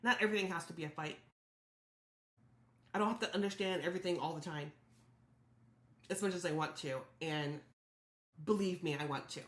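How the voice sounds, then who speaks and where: A woman's voice: fairly low pitch, normal speed, long pauses, roomy sound. A woman hosting a solo podcast, talking candidly and reflectively about her own thoughts and feelings. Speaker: podcast host.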